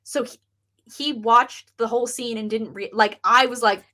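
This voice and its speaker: A woman co-hosting a podcast, chatting excitedly about a horror film. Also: on the high side, moderate pace. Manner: chatty, excited, fond of fan details. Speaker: podcast co-host. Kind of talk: casual film review chat.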